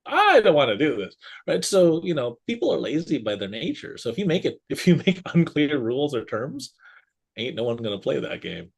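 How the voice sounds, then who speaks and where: A man's voice: medium pitch, brisk, creaky. A man co-hosting a casual business talk show, telling stories and acting out what people said, often laughing. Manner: animated storyteller, acts out quotes, laughs often. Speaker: podcast co-host.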